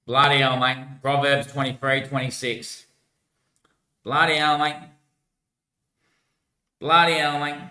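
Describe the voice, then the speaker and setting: A man's voice: mid-range voice, steady tone, moderate pace, long pauses, sharp tone. A man rambling in casual livestream chat, slangy and swearing often, calling everyone mate, recorded on a laptop mic at home. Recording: echoey room.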